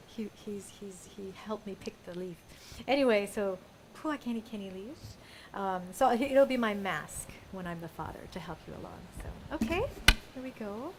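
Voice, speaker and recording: A woman's voice: medium pitch, fairly bright tone, a little hiss or hum. A woman performer explaining audience call-outs at a live show in a museum, playful and chatty, laughing often. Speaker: solo musical performer.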